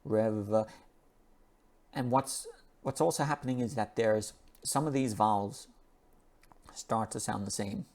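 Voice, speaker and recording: A man with a fairly low voice gives a relaxed, unscripted English pronunciation lesson. He reads an article aloud and keeps stopping to repeat sounds and words slowly, so students can copy him. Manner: slow and repetitive, drawing out and repeating sounds. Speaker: English teacher.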